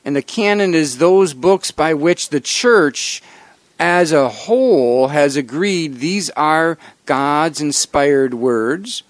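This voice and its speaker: Lively high-voiced pastor hosting a chat. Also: male voice, no room sound. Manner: easygoing, teasing, explains slowly with pauses. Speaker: pastor and show host. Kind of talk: casual Bible study chat.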